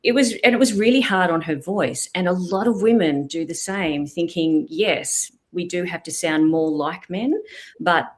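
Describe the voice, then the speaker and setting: This is a middle-aged woman's voice, on the low side and at normal speed. As the voice specialist guest in an interview, she gives expert explanations and demonstrations of vocal technique.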